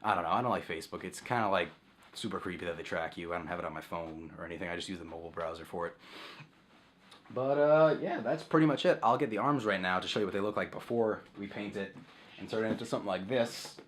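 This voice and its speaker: Young guy, lowish voice, rambly casual vlog at home, swears a lot, does goofy sound effects. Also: fast talker, slight background noise. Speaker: vlogger.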